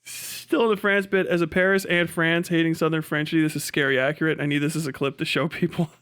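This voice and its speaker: Cincinnati-raised male streamer, loose profane chatter, a touch higher than average. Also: level tone, fast, fairly bright tone, smooth. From Cincinnati, USA. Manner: profane, rambling, laughs through riffs on accents. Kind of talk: casual live-stream chat.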